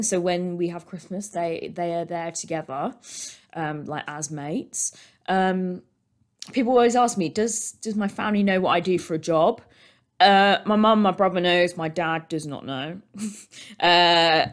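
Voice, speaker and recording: A British woman talks through a solo podcast episode in a loose, rambling way. Her voice sits slightly low, and she fills her sentences with ums and likes as she chats into a desk microphone. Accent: British English. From Britain. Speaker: podcast host. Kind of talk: casual solo podcast chat.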